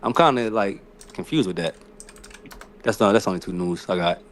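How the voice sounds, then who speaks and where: A man's voice: lowish voice, expressive, normal speed. A man co-hosting a casual podcast, giving a laid-back rundown of the news. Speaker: podcast co-host. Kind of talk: casual chat.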